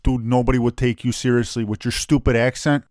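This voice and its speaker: A man's voice: medium pitch, fairly even intonation, a little fast, darkish tone, no echo, studio quality. A man with a brash, profane, opinionated way of talking, casually co-hosting a soccer chat. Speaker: soccer podcast co-host.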